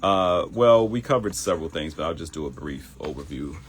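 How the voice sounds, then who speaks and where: A man's voice: rumbling low, animated, fairly quick, breathy edge. A man hosting a live morning talk stream, speaking in a motivational way, repeating phrases and laughing at his own jokes. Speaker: host of a live morning show.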